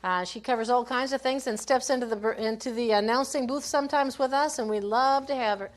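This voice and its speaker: Minnesota woman calling finishers at a ski race, fairly high voice, steady names and hometowns with a quick nice job. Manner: steady name-by-name calling with brief praise. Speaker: finish-line race announcer. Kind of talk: live race-call announcing.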